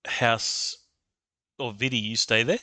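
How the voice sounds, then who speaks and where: A man's voice: medium pitch, slow pace, pushed and bright, dry recording. A man narrating a tabletop game as game master, hesitant, with many ums and uhs.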